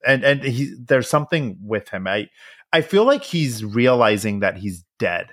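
A man's voice: mid-range voice, measured pace. A man co-hosting a podcast, chatting casually and swearing freely as he animatedly retells a film scene. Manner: profane, animated storytelling with put-on quoted voices. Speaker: podcast co-host. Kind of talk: casual chat recapping a film.

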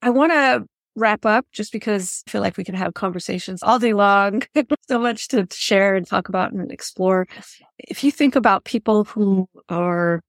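A woman's voice: medium pitch, normal speed, dry recording, clean studio sound. A woman hosting an interview podcast, chatting in an earnest, effusive way and thinking aloud as she goes. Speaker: podcast host. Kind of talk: reflective interview chat.

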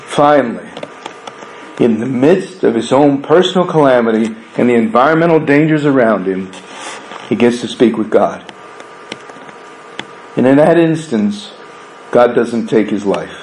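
A man preaching a sermon in a conversational way, asking rhetorical questions and swinging between raised emphatic lines and hushed low ones. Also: lively intonation, unhurried, pauses often, slight background noise, poor audio. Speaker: pastor.

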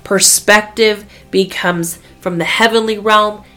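A woman's voice: medium pitch, fairly even intonation, slow pace, fairly bright tone, soft background music. A woman hosting a devotional podcast, delivering an earnest, emphatic faith talk.

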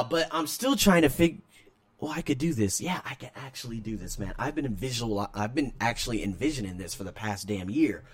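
A man hosting his own podcast, talking casually and rambling, swinging between loud excitement and low mutters. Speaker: podcast host. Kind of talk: casual solo podcast talk.

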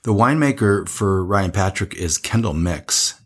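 Low raspy guy chatting casually about wine, lots of ums and laughs. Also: lively intonation, unhurried, a bit bright. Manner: chatty, laughing, rambling with fillers. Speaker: wine show host. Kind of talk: casual wine tasting chat.

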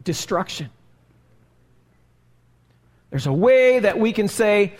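A man preaching a live sermon as pastor, slow and emphatic, asking the congregation rhetorical questions. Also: high-pitched, animated. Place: church sanctuary. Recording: live church recording with long reverb.

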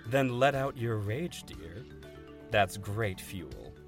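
A man's voice: fairly low pitch, animated, slow pace, over music. A man voicing a cold, approving middle-aged father in a tabletop game. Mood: coolly pleased.

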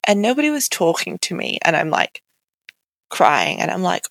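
A woman's voice: medium pitch, big pitch swings, normal speed, gravelly, a bit bright, no echo. A young woman as an interview guest, telling her own story candidly and conversationally, with many "like" fillers. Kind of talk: personal account in an interview.

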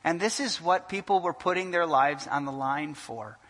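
A male pastor preaching a sermon in an animated way, asking the congregation questions and joking. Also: on the high side, normal speed. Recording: long hall reverb.

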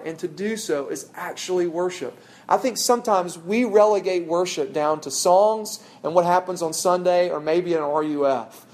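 A young man delivers a sermon with earnest conviction. His voice sits a little high and climbs to emphatic peaks when he stresses key phrases. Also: darkish tone. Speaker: preacher.

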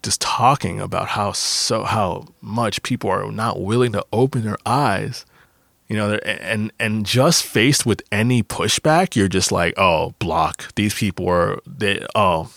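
A man's voice: medium pitch, vocal fry, dry recording, clean studio sound. A young man hosting a podcast, talking in a loose, rambling and profane way, full of fillers and restarts. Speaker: podcast host. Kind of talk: casual monologue.

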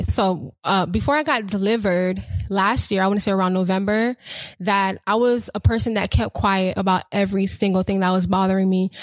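A young adult woman hosting a casual faith podcast, talking with excitement and rambling, often repeating her phrases. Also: mid-range voice, dry recording. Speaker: podcast host.

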